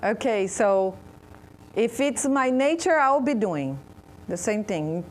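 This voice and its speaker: A woman with a Brazilian Portuguese accent, speaking at a spiritist center, gives an interactive spiritual talk to an audience. Her mid-range voice is animated, and she often pauses and restarts while searching for words.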